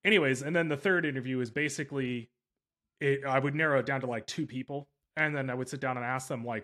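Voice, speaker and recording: A man's voice: mid-range voice, fast talker, pushed and bright. A man hosting a podcast interview in casual chat, talking at length, emphatic and often correcting himself mid-sentence. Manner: rambling and emphatic, with frequent self-corrections. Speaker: podcast host.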